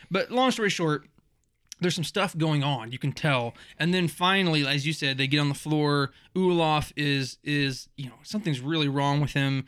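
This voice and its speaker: A man's voice: a little high, moderate pace, fairly bright tone, clear, resonant tone, no room sound, studio quality. A man in a casual podcast chat, recapping a TV episode in a rambling way with many fillers and restarts. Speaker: podcast co-host.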